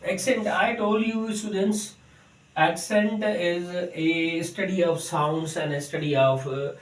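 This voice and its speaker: A man teaching an English lesson to students, speaking haltingly with many fillers. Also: on the high side. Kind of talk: recorded English lecture. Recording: echoey room, distant mic.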